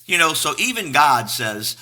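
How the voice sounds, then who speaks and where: A man's voice: a little high, sing-song, measured pace, pushed and bright. A man pastor preaching a casual live-streamed sermon, folksy and unpolished, greeting viewers by name. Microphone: live stream to a camera.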